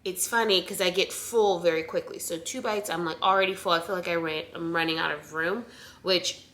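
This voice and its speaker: A woman's voice: fairly low pitch, fairly even intonation, a little fast, a bit bright. A young woman chatting casually to camera in a vlog, a bit out of breath, with frequent ums and restarts. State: a little out of breath. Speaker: vlogger sharing pregnancy updates.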